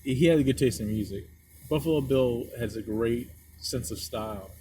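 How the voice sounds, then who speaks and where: A man with a mellow, warm tone talks casually from a car passenger seat. He swears freely and laughs easily. Faint road noise hums underneath. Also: mid-range voice, moderate pace, poor audio. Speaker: passenger and podcast co-host.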